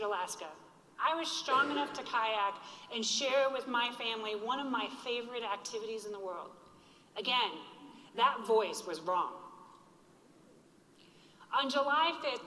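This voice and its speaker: A woman in her forties speaks earnestly from a stage, slowing down to stress her key lines. Her voice is bright and sits a little high. The sound is roomy, with a long hall reverb behind her. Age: 40s. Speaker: keynote speaker. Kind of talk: motivational conference speech. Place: large hall with an audience.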